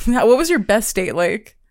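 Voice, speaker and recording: A woman co-hosting a podcast in casual chat, joking sarcastically, reacting fast and swearing. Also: medium pitch, very animated, darkish tone. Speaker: podcast co-host.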